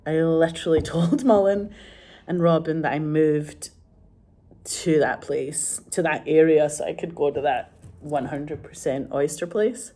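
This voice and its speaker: Low mellow Scottish woman chatting. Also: measured pace. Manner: swears freely, rambling and animated. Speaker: vlogger. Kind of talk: casual chat to camera.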